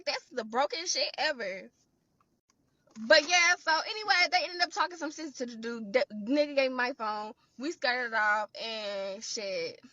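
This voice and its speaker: A woman tells a rowdy storytime, voice high and bright. She is profane and animated, and she acts out everyone's lines. The recording is dry and a little dull. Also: slight background noise. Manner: profane, animated retelling with acted-out quotes. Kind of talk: casual storytime vlog.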